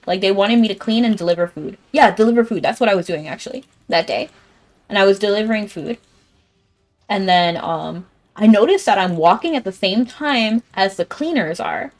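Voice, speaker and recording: A young woman streaming a game, telling a rambling story in casual chat and laughing often. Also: medium pitch. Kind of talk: casual chat while gaming.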